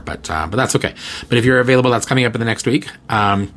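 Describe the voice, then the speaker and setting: A man's voice: fairly low pitch, steady tone, fast, a bit bright, a little hiss or hum. A man hosting a podcast, chatting casually and rambling through announcements with lots of fillers. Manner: rambling, filler-heavy, self-mocking. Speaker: podcast host.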